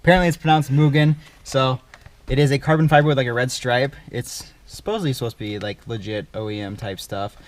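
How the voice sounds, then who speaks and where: A man's voice: mid-range voice, fast talker, no echo. Laid-back young man in a garage. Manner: laid-back, chatty, explains as he works. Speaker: car build vlogger. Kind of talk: casual garage vlog walkthrough. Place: home garage, then inside a car.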